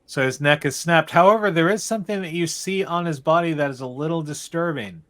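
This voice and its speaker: A man running a tabletop game as game master, narrating scenes in a meandering, halting way with frequent restarts. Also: a little high, a bit bright.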